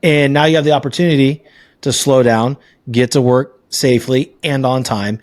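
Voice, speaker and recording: A man hosting a podcast, telling personal stories and asking questions in a relaxed, candid way. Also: medium pitch, slightly rough, dry recording, clean studio sound. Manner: storytelling, relaxed and candid, with casual swearing. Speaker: podcast host. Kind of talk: casual interview chat.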